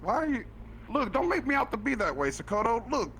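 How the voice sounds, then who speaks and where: A man role-playing a brash, excitable guy who swears a lot and insists he is clean. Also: very high voice, a little fast, a little hiss or hum, exaggerated voice. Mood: pleading. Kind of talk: game role-play. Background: background music.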